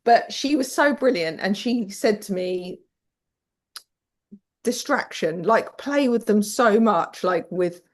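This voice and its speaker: A frank British woman, a podcast guest, tells stories candidly and conversationally, swearing casually and acting out quoted voices. She speaks slowly in a medium pitch with lively intonation.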